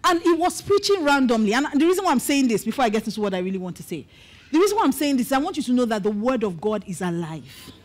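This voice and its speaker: A middle-aged woman with a Nigerian accent preaches a testimony sermon, her voice sitting notably high. She tells the story with animated flair and slips into Pidgin asides along the way. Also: fast talker. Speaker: pastor.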